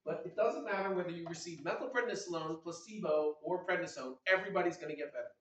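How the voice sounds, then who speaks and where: A middle-aged man with a slightly raised pitch gives an energetic, teasing medical lecture and keeps throwing questions at his audience. He is picked up from across a large, echoey hall, and the sound is muffled and dull. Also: fast. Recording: echoey hall recorded from a distance.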